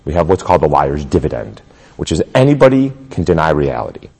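A male professor with a very deep, husky voice speaks in an interview and explains in a measured, emphatic way. His pitch moves widely, and long reverb trails behind his words. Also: sing-song, a little mellow. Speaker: professor and digital forensics expert.

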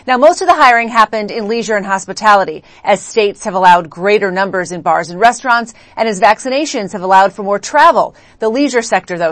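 A woman correspondent delivering a scripted news report in a steady, measured way. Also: mid-range voice, dry recording.

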